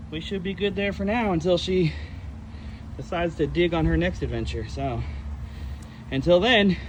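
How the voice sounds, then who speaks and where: A man filming a casual outdoor vlog as a reptile keeper, chatting in a relaxed way and talking fondly to his tortoises. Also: medium pitch, slight background noise. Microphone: camera set on ground.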